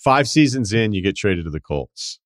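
A man's voice: lowish voice, sing-song, moderate pace, dry recording, studio quality. A male podcast host asking questions in a loose, conversational way. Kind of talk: casual interview chat.

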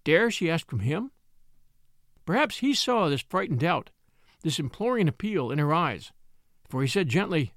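Guy reading an old story aloud, lively pitch, slightly high voice, dry close sound. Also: moderate pace, pauses often, no echo. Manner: expressive storytelling. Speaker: narrator. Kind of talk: audiobook narration.

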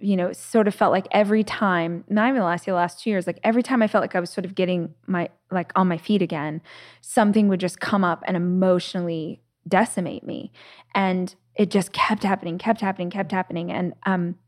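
A woman's voice: fairly low pitch, fairly even intonation, fast talker, darkish tone. A woman hosting a podcast, talking in a reflective, conversational way and telling stories, with plenty of filler words. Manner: reflective, storytelling, many "like" fillers. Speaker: podcast host.

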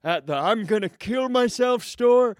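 A shocked, grumbling old man, as a comedian puts him on, firing off high, strained, scolding questions. The voice sits well above a normal man's pitch and comes out loud and pinched, with a dry, close sound. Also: lively intonation, measured pace, no room sound. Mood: scandalized. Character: grumbling elderly man, scandalized and horrified.

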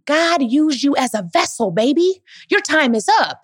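A woman gives emphatic, motivational answers at a live Q&A, calling her listeners "baby". Her voice sits fairly high and sounds dry and close. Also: expressive, normal speed, dry recording. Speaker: guest speaker answering audience questions. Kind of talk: live Q&A talk.

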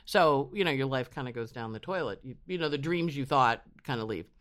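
A man's voice: medium pitch, fairly quick. Man telling stories with a swooping voice. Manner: animated, acts out quotes in lively voices. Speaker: astrologer guest. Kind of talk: casual storytelling interview. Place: home in New York.

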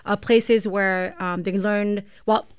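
Brief: woman guest with a Quebec French accent, halting and filler-heavy, average pitch, dry close studio sound. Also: fairly even intonation, smooth, dry recording. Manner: hesitant, many fillers and restarts. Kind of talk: casual radio interview.

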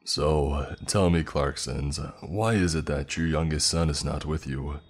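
A man's voice: a bass voice, animated, moderate pace, darkish tone, faint music behind. A man voicing an eyeless male forest creature who questions with sarcastic, mock concern.

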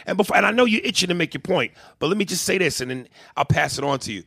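A man with a slightly high, creaky voice argues politics in a heated, profane casual debate, talking fast with hardly any pauses. He often retells and acts out what others said, recorded in studio quality with no room sound.

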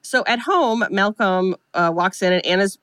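A woman's voice: medium pitch, normal speed, fairly bright tone, clear, resonant tone, no echo. Chatty woman recapping a film, dry sound. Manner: chatty, sarcastic, acts out characters' lines. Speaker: podcast co-host recapping a film. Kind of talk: casual chat.

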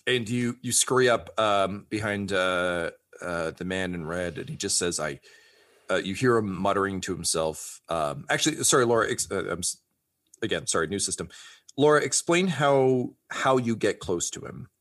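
Low-voiced male game master with a jokey, playful narration style. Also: lively intonation, normal speed, fairly bright tone.

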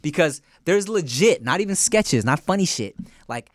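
A man's voice: on the high side, moderate pace, no echo, clean studio sound. A man co-hosting a casual comedy podcast, telling stories with acted-out voices and frequent laughter. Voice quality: animated storyteller, acts out voices and laughs often. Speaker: podcast co-host.

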